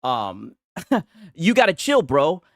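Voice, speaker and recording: Lively, profane young man ranting. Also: fairly high pitch, slow pace, no echo, clean studio sound. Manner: profane, rambling, tags "right?" constantly. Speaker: streamer. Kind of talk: casual ranting commentary.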